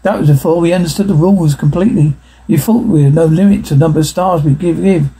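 A prim official who apologizes while sticking to the rulebook, read aloud by a man. The voice is mellow, very husky and slightly high. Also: quick pace, poor audio. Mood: apologetic.

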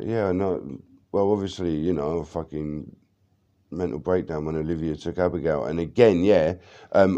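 A man's voice: low-pitched, dark tone, lo-fi sound. A man, rambling through a personal monologue full of swearing and fillers. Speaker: vlogger.

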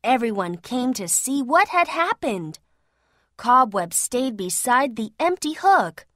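A woman reading a children's storybook aloud, slowly, clearly and expressively. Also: fairly high pitch, very animated, fairly bright tone, dry recording, studio quality.

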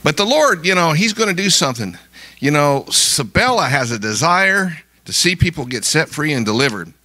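A man's voice: a little high, sing-song, normal speed, bright, forceful tone, no room sound. A male pastor preaching in an exuberant style, calling out hallelujahs and encouragement to the congregation. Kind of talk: sermon.

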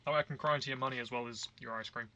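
A man's voice: mid-range voice, fairly even intonation, very fast, rough recording. A young man giving casual let's-play commentary at home, swearing, mocking himself and yelping and groaning at the game. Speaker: gaming video creator. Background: video game music and sounds.

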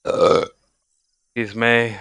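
A man's voice: medium pitch, fairly even intonation, drawn-out words, creaky, clean tone, dry recording. Tipsy, exasperated young male streamer. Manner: exasperated, swearing, shouting outbursts. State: tipsy from drinking. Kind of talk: live game commentary.

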